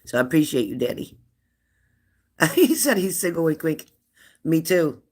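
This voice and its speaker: A woman in her fifties hosting a live stream, chatting warmly and laughing as she reads out viewers' comments. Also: sits low, sing-song, normal speed, slightly rough. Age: 50s. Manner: chatty and affectionate, laughs often, answers comments aloud. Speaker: livestream host of a spirit-messages channel.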